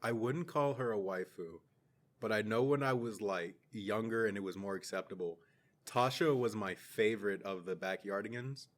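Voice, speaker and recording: A man's voice: fairly low pitch, moderate pace. A young man co-hosting a podcast in casual chat, trading crude jokes and laughing often. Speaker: podcast co-host.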